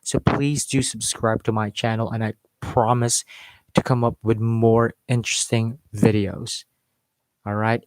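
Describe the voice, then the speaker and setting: Male accent coach, casual live-stream lesson, mid-pitched voice, dry close mic. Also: no room sound. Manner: explains with modeled examples and filler words. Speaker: English accent teacher.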